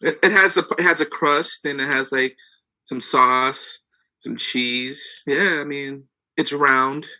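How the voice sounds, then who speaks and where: A man's voice: mid-range voice, slow, pushed and bright, low-quality recording. A young man co-hosting a casual podcast, laid-back and sarcastic, calling people bro. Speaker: podcast co-host.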